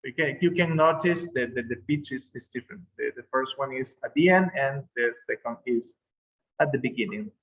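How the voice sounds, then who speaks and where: A man's voice: mid-range voice, brisk, fairly bright tone, low-quality recording. A man who speaks Spanish as a first language, teaching an English class on a video call in a patient manner, repeating words for emphasis.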